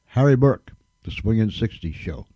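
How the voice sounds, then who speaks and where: A man's voice: lowish voice, animated, normal speed, dark tone, no room sound. A man hosting a radio show, thanking listeners in a folksy, emphatic way and repeating himself for stress. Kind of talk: casual radio talk.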